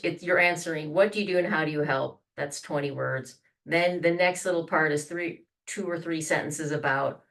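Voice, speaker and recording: A woman's voice: sits low, fairly bright tone, far from the mic. A woman guest on a podcast explaining how to introduce yourself, acting out sample lines with many restarts. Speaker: branding and communications guest. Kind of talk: conversational podcast interview.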